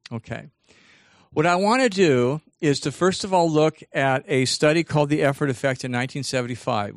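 A man giving an animated motivational seminar, acting out voices from his own inner dialogue. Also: on the high side, dry recording, studio quality. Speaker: motivational speaker. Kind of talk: seminar talk.

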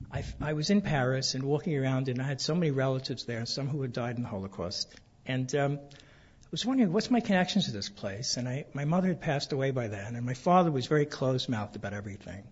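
Husky older man telling family stories. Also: mid-range voice, dull audio. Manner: soft-spoken, halting with many fillers. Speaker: author reading from his memoir. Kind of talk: casual storytelling then reading aloud.

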